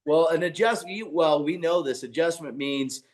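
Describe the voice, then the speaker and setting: A man who is a chiropractor and podcast co-host, chatting casually and telling clinic stories in an excitable, blunt way. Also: a little high, moderate pace.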